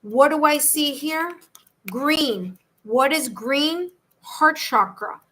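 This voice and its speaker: Woman, New York accent, high voice, bright tone, chatty and reassuring live tarot reader. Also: animated, slow. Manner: chatty, reassuring, addresses viewers by name. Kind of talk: live-stream tarot reading.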